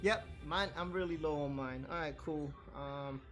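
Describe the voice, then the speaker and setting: A man hosting a live stream, chatting loudly and laughing while he draws at a desk mic. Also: fairly high pitch, measured pace, soft background music. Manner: loud, laughing, talks while drawing. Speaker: streamer host. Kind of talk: casual chat. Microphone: desk mic with gain turned up.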